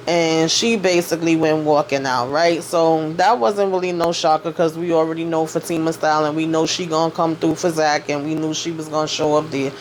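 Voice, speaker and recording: A woman's voice: deep voice, fairly even intonation, a little fast, few pauses, a little hiss or hum. Chatty woman recapping a show. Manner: retells scenes by quoting characters in a loose chatty way; frequent fillers like "you know what I'm saying". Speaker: TV recap vlogger. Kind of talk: casual TV episode recap.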